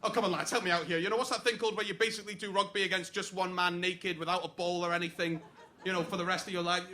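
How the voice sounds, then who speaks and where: A man's voice: sits high, level tone, racing, pushed and bright. A man playing a jealous, crude best man giving a mocking comic wedding toast. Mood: taunting. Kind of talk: comic stage monologue.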